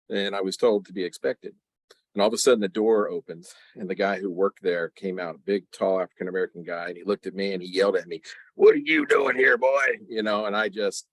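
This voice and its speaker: Low-voiced man telling a story. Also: no room sound, poor audio. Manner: halting, with many fillers and throat clearing. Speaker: memorial speaker, college professor. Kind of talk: casual storytelling over video call. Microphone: video call.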